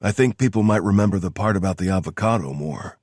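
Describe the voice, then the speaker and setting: A man's voice: deep voice, fast talker, darkish tone, no room sound. An actor voicing a wry soldier who banters with his lover in an audiobook. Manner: dry, joking banter.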